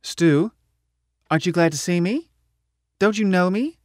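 A man's voice: high-pitched, measured pace, a little mellow, dry recording, voice pushed up. A playful, affectionate young woman who teases her friends, put on by a male narrator with a voice lifted several steps above his normal tone. The reading is dry and close, with no room around it. It is an audiobook character voice. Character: lively, teasing young woman revolutionary.

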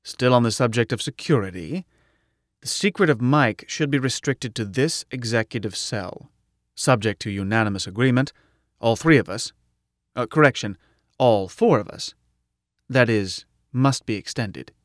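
A composed older male professor, voiced by a man narrating a story lays out plans in a firm, measured manner at a middle pitch. The recording is dry and intimate. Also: expressive, no echo, close to an everyday voice. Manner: measured and formal. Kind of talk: audiobook narration.

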